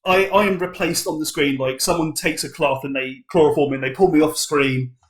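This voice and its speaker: A man's voice: fairly high pitch, steady tone, brisk. A young man narrating as game master in a comedic podcast game, playful and giggly.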